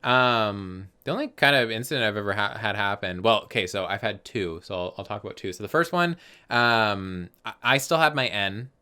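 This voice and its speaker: Bright, clear-voiced young man telling stories. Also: on the low side, normal speed. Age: 20s. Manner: animated storytelling, swears freely. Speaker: podcast co-host. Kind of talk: casual chat.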